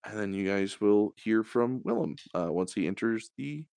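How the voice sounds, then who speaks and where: A man's voice: lowish voice, animated, moderate pace, gravelly, a little mellow, clean tone, dry recording, clean studio sound. A man running a tabletop game as game master, narrating hesitantly with many fillers.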